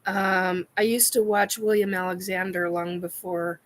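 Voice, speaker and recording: A woman's voice: mid-range voice, little pitch movement, measured pace. A woman hosting a casual live chat, giddy, laughing often and swearing while she answers comments. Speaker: live stream host. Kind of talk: casual live chat reacting to a painting video.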